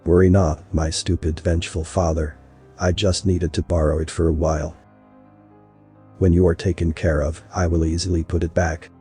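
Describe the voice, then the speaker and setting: A man's voice: level tone, moderate pace, mellow, soft background music, natural voice. A man voicing a vengeful, mocking human man who confronts a god, in a story reading. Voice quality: deep husky voice. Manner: mocking and bitter.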